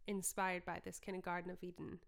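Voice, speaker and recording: A woman's voice: fairly low pitch, level tone, a little fast, vocal fry. A young Scottish woman hosting a podcast, chatting and telling stories casually with a Scottish accent. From Scotland. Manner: chatty, storytelling, frequent fillers. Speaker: podcast host and singer-songwriter. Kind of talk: casual reminiscing chat.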